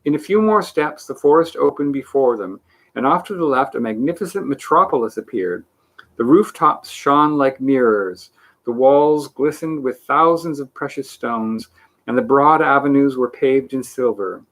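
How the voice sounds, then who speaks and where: A man reading a children's book aloud in an animated way, with small slips and restarts. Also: mid-range voice, moderate pace. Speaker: reader.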